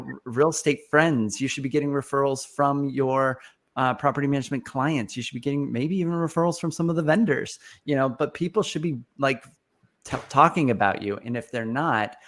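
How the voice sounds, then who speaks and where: A man hosting a podcast and coaching business owners in a casual, energetic manner, often repeating points for emphasis. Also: medium pitch. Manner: energetic, restarts and fillers, emphatic repetition. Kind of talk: casual conversational advice.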